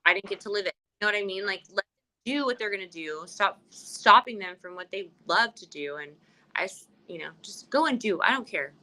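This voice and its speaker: A woman in her forties hosting a casual podcast, talking loudly and emphatically, swearing a lot and rambling. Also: mid-range voice, lively intonation, brisk, poor audio. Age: 40s. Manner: loud, profane, emphatic and rambling. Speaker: podcast host.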